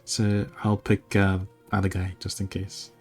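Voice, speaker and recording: A hesitant man plays in a tabletop game, talking slowly in a lowish voice. He fills gaps with ums and uhs, and faint music plays behind him. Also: monotone, a little mellow, slightly rough. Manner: hesitant, many fillers, giggly. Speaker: player. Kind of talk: casual tabletop play.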